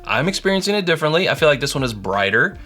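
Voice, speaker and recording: Playful man with a lively, bouncing voice. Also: very fast, faint music behind. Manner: playful, joking, swings into sudden high exclamations. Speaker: co-host. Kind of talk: casual tasting chat.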